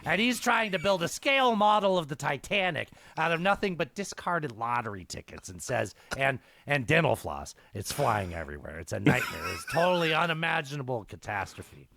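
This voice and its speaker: A man putting on a raspy, gravelly comedian voice to tell a long, filthy joke with dramatic, halting repetitions. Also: fairly high pitch, very animated, bright, forceful tone, no echo, clean studio sound, exaggerated voice. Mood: gleeful storytelling. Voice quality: gravelly at times. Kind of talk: impression while telling a joke.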